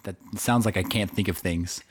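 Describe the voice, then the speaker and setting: A man co-hosting a casual podcast, easygoing and hesitant, often pausing with fillers. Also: low-pitched, slightly rough. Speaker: podcast co-host. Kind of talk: casual chat.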